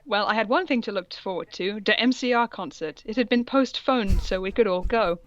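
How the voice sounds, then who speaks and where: A woman's voice: medium pitch, a little fast, highs cut off. Giggly woman reading fan fiction aloud. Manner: stumbles over odd words, breaks into giggles. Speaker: podcast co-host.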